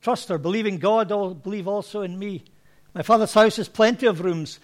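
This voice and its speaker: A man voicing a calm, reassuring male teacher who quotes scripture in a measured way. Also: high voice, pitched below the performer's own voice, close to an everyday voice.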